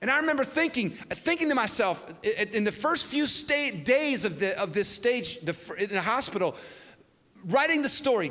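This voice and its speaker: A man preaches in a large church hall, his voice high and bright. He tells a story with an animated delivery, dropping low and soft, then rising loud. Long reverb trails after each phrase. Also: moderate pace. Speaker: pastor. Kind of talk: sermon.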